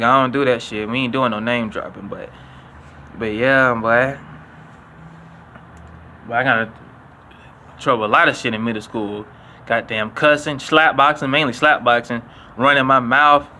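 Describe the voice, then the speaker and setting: A young man telling stories casually to his viewers, profane and animated, acting out what people said. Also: slight background noise. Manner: animated, acts out quotes with higher voice; profane, repetitive slang. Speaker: vlogger. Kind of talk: casual storytelling.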